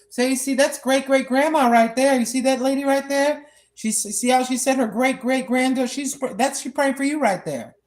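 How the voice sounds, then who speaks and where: Older lady in her 60s talking while she walks, earnest and repetitive, kinda preachy, phone mic. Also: high-pitched. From United States. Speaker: vlogger. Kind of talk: spoken prayer and testimony while walking. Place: outdoors on a walk.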